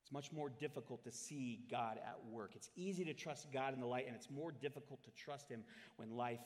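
A man preaching to his congregation in an impassioned sermon style. His delivery swings from loud, dramatic scripture readings to quiet, reflective asides. His voice sits in a middle pitch, and the long reverb of the hall trails after each phrase. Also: normal speed. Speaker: pastor. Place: church hall. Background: congregation in the room.

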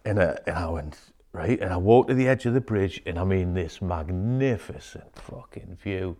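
A man telling a personal story in casual talk, swearing freely and dropping to a hushed whisper when quoting others. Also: sits low, normal speed.

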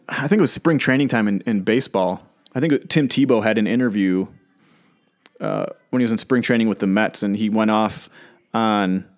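A man's voice: on the low side, a little mellow. A man preaching a sermon in a conversational, earnest way, with light laughter as he talks. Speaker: pastor.

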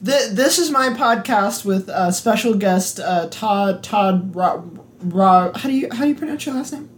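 Mumbling deadpan podcast host man. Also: high-pitched, a little hiss or hum. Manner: mumbling, distracted, halting restarts. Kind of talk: deadpan comedic banter.

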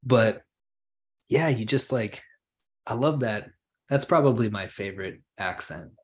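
A man's voice: on the low side, expressive, measured pace, husky. A man hosting a podcast, telling rambling stories in a casual, profane way. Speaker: podcast host.

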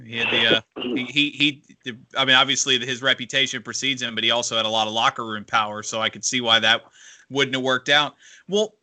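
A man with a medium-pitched, sharp-toned voice and fairly even intonation hosts a radio interview show, speaking a little fast. His questions are long and winding, with many restarts.

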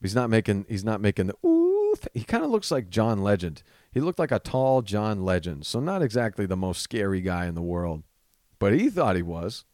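Low-voiced man telling a story casually. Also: sing-song, normal speed, a little mellow, no room sound, clean studio sound. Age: 30s. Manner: casual, profane, rambling storytelling with restarts. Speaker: podcast host. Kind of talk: solo storytelling podcast.

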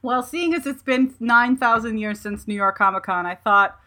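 A woman hosting a podcast in casual chat, animated and often laughing. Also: on the high side, normal speed. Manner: animated, laughing, quotes herself in voices. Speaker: podcast host.

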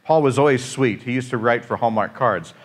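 A man preaching a conversational sermon, informal and joking, often pausing on "uh" and restarting his sentences. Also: mid-range voice. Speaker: pastor.

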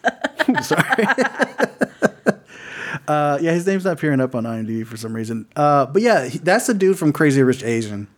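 Rambling, lively-voiced podcast co-host man. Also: a little high, moderate pace. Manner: rambling, swears a lot, laughs often. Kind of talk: casual chat.

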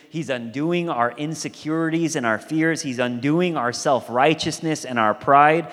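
A male pastor whose voice is medium in pitch and a bit bright preaches in a chatty, story-driven style, voicing the characters he quotes. His words echo with a long hall reverb.

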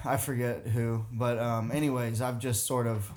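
A man's voice: medium pitch, flat delivery, normal speed, a little mellow. A man with a Southern US accent, co-hosting a podcast in a rambling, casual chat, often laughing. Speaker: podcast co-host.

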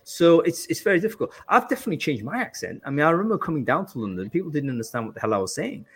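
A man's voice: on the high side, rapid-fire, slightly rough. Chatty British podcast host man. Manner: chatty, lots of fillers and restarts, animated. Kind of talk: live podcast discussion.

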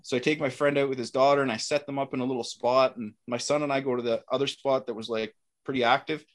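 Man, middle-aged, casual storyteller, animated, quotes the people in his story. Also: medium pitch, quick pace. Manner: animated, acts out dialogue in quotes. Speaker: guest telling a hunting story.

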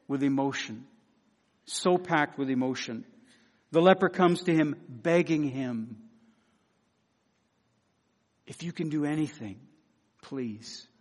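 A man preaching a sermon, earnest and emphatic, repeating key phrases and dropping softly into pleading quotes. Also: medium pitch, in a large hall.

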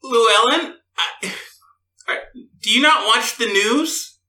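A host speaks on air in a sharp, bright voice, halting and stumbling through explanations. The voice sits in a middle register. There is a noticeable roomy echo around it. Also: medium pitch. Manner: hesitant, halting, stammers while explaining. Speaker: radio show host. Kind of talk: casual on-air chat.

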